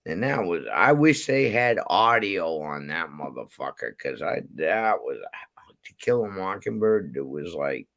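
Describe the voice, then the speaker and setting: A man's voice: deep voice, very animated, a little slow, gravelly, a bit bright. A man ranting and telling stories in casual chat, profane and rambling, heated at times. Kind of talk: casual storytelling rant.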